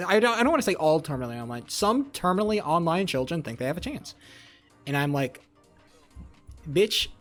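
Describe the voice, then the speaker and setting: Young guy on stream, kinda high voice, swears a lot, riffs on chat, low music in back. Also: a bit bright. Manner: rambling, profane, jokey, talks to chat. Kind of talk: casual live-stream chat with viewers.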